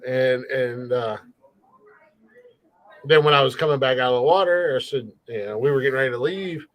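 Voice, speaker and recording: A man hosts a podcast in a loose, rambling chat, telling folksy stories and swearing without a second thought. His voice sits at an ordinary middle pitch. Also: moderate pace, fairly bright tone, rough recording. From rural countryside. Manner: rambling, profane, folksy storytelling. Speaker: podcast host.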